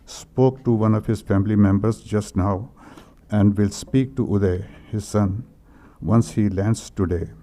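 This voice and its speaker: An older man, reading condolence messages at a memorial, hesitant and emotional, often clearing his throat. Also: lowish voice, a little slow, mellow. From India. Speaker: speaker at a memorial tribute.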